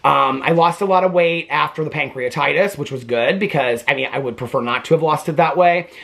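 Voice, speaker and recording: A man's voice: on the high side, a little fast, gravelly, a bit bright. A man vlogging from his bedroom at home, chatting casually and rambling, often correcting himself and laughing between words. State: out of breath. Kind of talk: casual chat to camera.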